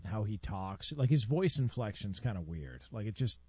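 A man co-hosting a casual sports talk show, posing probing questions and thinking out loud. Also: on the low side, sing-song, normal speed, breathy edge, no room sound.

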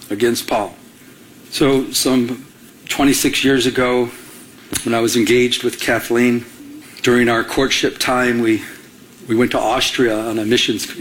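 A middle-aged man from Michigan preaching a sermon in an animated way, often restarting his sentences. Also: medium pitch, a little hiss or hum, rough recording. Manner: animated, acts out little dialogues, frequent restarts. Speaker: pastor.

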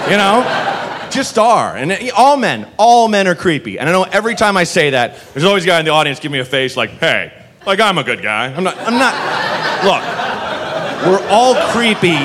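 A man in his late thirties doing a stand-up comedy set on a club stage, rambling and self-deprecating, packing his talk with "like" and "you know". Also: high-pitched. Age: 30s. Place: comedy club stage before a laughing audience. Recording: noisy live club recording.

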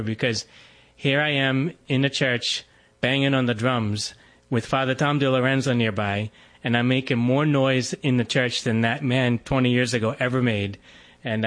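A man, a Catholic priest telling a relaxed personal story with frequent fillers and laughs. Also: mid-range voice. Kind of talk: conversational testimony.

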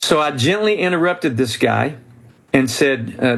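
A man's voice: medium pitch, a little slow, creaky. A man, a guest author, telling a personal story in a podcast interview, acting out the voices of the people in it. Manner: animated storyteller who voices quoted people.

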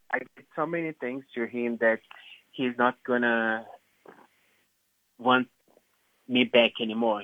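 A man's voice: medium pitch, no echo. Tearful male caller on a phone line. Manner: halting, hesitant, emotional. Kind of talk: phone-in conversation. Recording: tinny phone line, dry.

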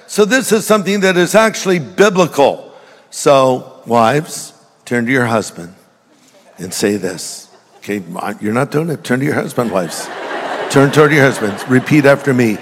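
A man's voice: fairly high pitch, normal speed. An older man preaching a sermon in a church, telling jokes and funny stories to the congregation. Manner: humorous storytelling, jokey asides to the congregation. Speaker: pastor. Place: large church hall. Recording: long hall reverb.

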